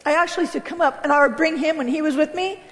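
A woman giving an animated church testimony, acting out quotes and laughing as she tells her story. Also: high-pitched, very fast. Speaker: speaker sharing her testimony. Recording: long reverb of a large hall.

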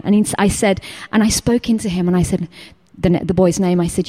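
Her voice on the low side and a little fast, a woman teacher from England offers a relaxed sermon rich in personal stories. She acts out quotations animatedly and now and then slips into a whisper.

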